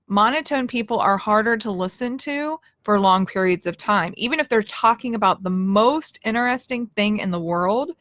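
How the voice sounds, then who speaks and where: A woman's voice: mid-range voice, lively intonation, moderate pace, few pauses, fairly bright tone, no echo. A woman leadership coach giving a casual, friendly talk about speaking skills, directly addressing her viewers. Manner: friendly, direct, conversational with small restarts.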